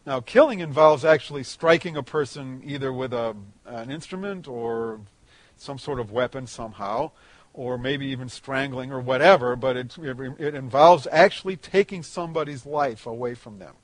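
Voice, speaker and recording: A man preaching a sermon, explaining a Bible passage verse by verse in a conversational way, rising in pitch and volume on emphatic points. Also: normal speed, no echo.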